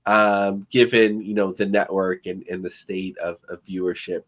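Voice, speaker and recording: Low-voiced man, casual podcast co-host. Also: level tone, moderate pace. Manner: rambling, filler-heavy and thinking aloud.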